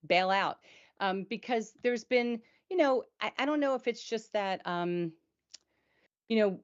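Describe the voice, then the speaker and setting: A woman's voice: mid-range voice, lo-fi sound. A woman in a candid conversational chat, talking at length in a reflective way and often checking in with "right?". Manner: reflective, talks at length with frequent "right?" and "you know". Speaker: co-host of a patient support show.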